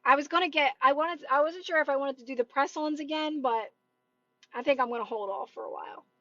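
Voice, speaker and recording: A woman with a bright, high voice chats with viewers in a loose, rambling way, dropping "like" and "right?" throughout. The audio is dry and a little dull, like a phone livestream. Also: fairly quick, dry recording. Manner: chatty and rambling, full of "like" and "right?". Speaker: manifestation coach. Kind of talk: casual livestream chat with viewers.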